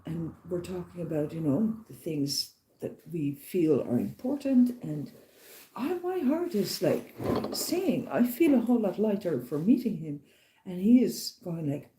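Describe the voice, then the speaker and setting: A woman with a very dark, mellow voice tells a rambling travel story in a casual vlog. She sounds chatty and enthusiastic, a walking pilgrim talking to the camera. Her voice rings with a noticeable echo. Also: mid-range voice, sing-song, measured pace.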